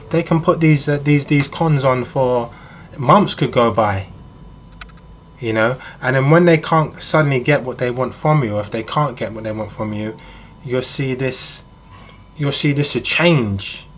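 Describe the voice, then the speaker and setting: A man's voice: medium pitch, lo-fi sound, a little hiss or hum. A man talking in a casual, rambling monologue, speaking to the listener as "you" and using frequent ums. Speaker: vlogger.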